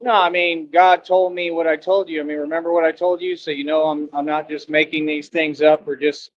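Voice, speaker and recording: Rambling man streaming outdoors, higher voice. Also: little pitch movement, a little fast, no echo. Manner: rambling, repeats himself, preachy. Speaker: livestreamer asking for donations. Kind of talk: casual rambling livestream talk. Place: outdoors near a street with traffic. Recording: dull lo-fi stream audio.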